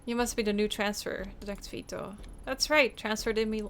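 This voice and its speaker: A woman's voice: mid-range voice, steady tone, a little fast, a bit bright, slight background noise, lightly acted. A woman doing a folksy Texan-drawling male cop. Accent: put-on Texan. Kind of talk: reading game dialogue aloud.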